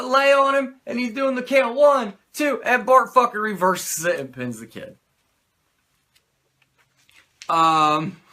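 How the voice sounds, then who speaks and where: A man's voice: high-pitched, bright, forceful tone. A man who hosts a podcast, giving a casual, profane and rambling recap of a wrestling show with many fillers. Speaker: podcast host.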